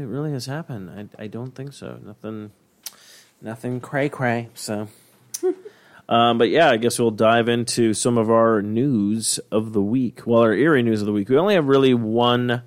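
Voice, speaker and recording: Young male podcast co-host, casual teasing banter, easygoing mid-range voice. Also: medium pitch. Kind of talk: casual chat.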